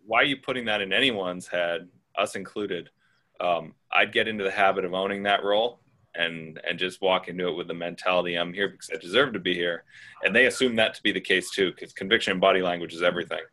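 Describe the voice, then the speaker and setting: Very deep-voiced man giving blunt advice. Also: steady tone, fast talker, sharp tone, low-quality recording. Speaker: host answering questions. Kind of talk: casual advice on a group call.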